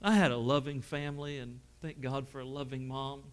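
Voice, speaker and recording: A middle-aged man preaching a sermon, telling personal stories and swinging from loud exclamations to hushed, emotional tones. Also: medium pitch, fairly even intonation, a little fast, clean tone.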